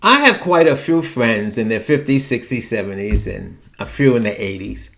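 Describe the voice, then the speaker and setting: A man's voice: lowish voice, expressive, moderate pace, gravelly, fairly bright tone, faint music behind. A man hosting a solo podcast and talking in a chatty, wry, digressive way. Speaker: podcast host. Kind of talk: monologue about personal fears.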